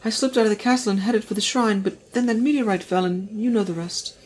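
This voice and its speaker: A woman's voice: medium pitch, fast, a little mellow, slight background noise, lightly acted. A woman voicing an earnest young princess who speaks formally and pleads politely.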